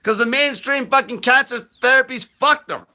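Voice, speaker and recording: A man hosting a live question-and-answer show, ranting bluntly and aggressively, swearing constantly and breaking into shouts. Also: very high voice. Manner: fast bursts of shouting. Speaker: host answering viewer questions. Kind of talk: live Q&A rant.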